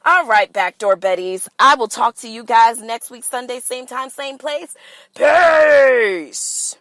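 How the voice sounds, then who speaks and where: A woman's voice: on the high side, normal speed, pushed and bright, no room sound, low-quality recording. A woman hosting a casual solo podcast, talking straight to her listeners in a candid, sassy and profane way. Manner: playful, talks straight to listeners. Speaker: podcast host.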